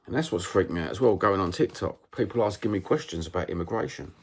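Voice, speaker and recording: A Cockney man from London vlogging to his subscribers in a very low, husky voice. He sounds rattled, keeps repeating himself and asking rhetorical questions, with plenty of working-class slang. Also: fast. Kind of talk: casual vlog monologue.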